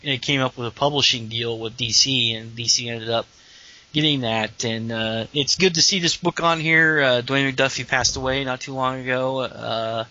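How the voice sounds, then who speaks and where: A man co-hosting a casual chat, earnest and halting, often restarting sentences. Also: medium pitch, fairly even intonation, pushed and bright. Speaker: podcast co-host. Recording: dull lo-fi sound.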